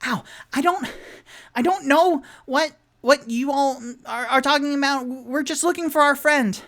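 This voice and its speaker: A panicky male adventurer with a whiny, stammering voice pitched high and thin, as a man acts him out. He trips over his words and talks in flustered rushes during a live tabletop game. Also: a bit bright, exaggerated voice.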